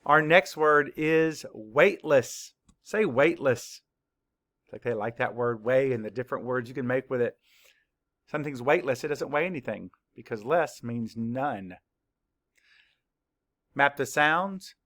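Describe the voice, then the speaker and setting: Male elementary teacher, mid-pitched and bright, unhurried, spells letters one at a time for kids, dry close recording. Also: lively intonation. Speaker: third-grade teacher. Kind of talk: spelling lesson for children.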